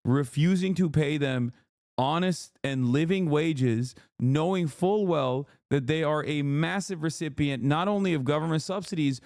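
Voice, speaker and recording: A man's voice: a little high, darkish tone, no room sound, studio quality. A man streaming, reacting to clips in casual commentary with a profane, exasperated rant.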